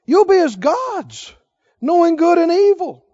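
A man's voice: very high-pitched, very animated, unhurried, mellow, muffled recording, exaggerated voice. A man voicing the serpent as a dismissive, contradicting liar, in a sermon. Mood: scornful. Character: sneering lying serpent, contemptuous tempter.

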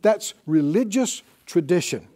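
A man preaching a lively sermon, calling out to his congregation and acting out the voices in his stories. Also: sits high, unhurried. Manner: animated, call-and-response, acts out quoted voices.

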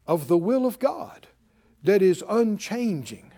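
High-voiced, animated male preacher. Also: takes it slowly, slightly rough. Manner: emphatic preaching with repeated phrases and call-and-response. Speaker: pastor. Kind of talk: sermon.

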